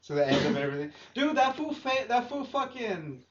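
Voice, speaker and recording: A man's voice: extremely high pitch, sing-song, a little fast, slight background noise. A man co-hosting a casual podcast, talking in a profane, emphatic, joking way. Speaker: podcast co-host. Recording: roomy, dull lo-fi podcast audio.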